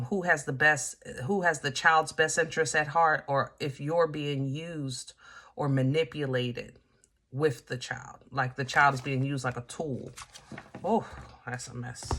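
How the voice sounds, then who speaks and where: A woman's voice: low voice, fairly even intonation, measured pace, sharp tone. A woman giving a casual tarot reading, chatty and emphatic, talking straight to the viewer with many fillers. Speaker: tarot reader.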